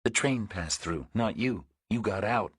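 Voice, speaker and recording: A man's voice: on the low side, expressive, a little slow, husky, dry recording, pitched above the performer's own voice, exaggerated voice. A male audiobook narrator voicing a wary woman of about forty who answers tersely and evasively. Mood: guarded.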